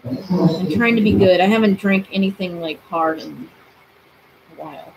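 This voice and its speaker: A woman's voice: on the low side, normal speed, a little mellow, muffled recording, a little hiss or hum. A woman in her twenties streaming from her bedroom, chatting casually and asking spirits questions aloud. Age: 20s. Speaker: paranormal streamer. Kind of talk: casual live-stream chat.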